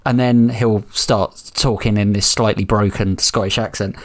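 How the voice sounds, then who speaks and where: A man co-hosting a film podcast, talking in halting bursts with restarts and casual swearing. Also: on the low side, flat delivery. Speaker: podcast co-host.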